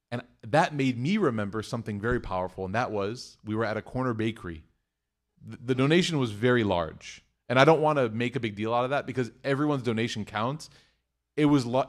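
A man giving an Islamic talk to a live audience, telling stories in a conversational, animated way before taking questions. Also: medium pitch. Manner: conversational, animated storytelling with religious phrases. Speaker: religious speaker.

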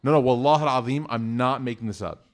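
Male teacher, 30s, mid-pitched, animated storyteller in a talk to a class. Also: quick pace. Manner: animated storyteller acting out family dialogue. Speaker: religious teacher. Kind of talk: storytelling lecture to a live class.

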